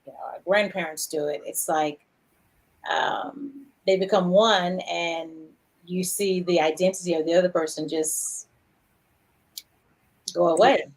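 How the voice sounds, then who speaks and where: A woman hosting a talk show, chatting casually and telling stories with lively, acted-out quotes. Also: unhurried, pauses often. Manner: animated storyteller, acts out quotes with big pitch jumps. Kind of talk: casual chat.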